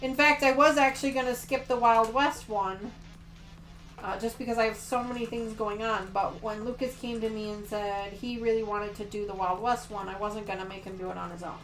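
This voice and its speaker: A woman's voice: fairly high pitch, fairly even intonation, a little fast, a bit bright, faint music behind. A woman hosting a quilting livestream, chatting casually and gushing over her projects while answering viewers. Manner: gushing and chatty, reads viewer comments aloud.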